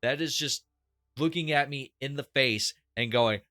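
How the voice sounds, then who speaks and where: A man's voice: mid-range voice, a little slow, bright, forceful tone, dry recording, studio quality. A young man casually commenting on his own gameplay as a streamer, thinking aloud and judging what he sees. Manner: chatty, opinionated, thinks aloud with restarts. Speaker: game streamer.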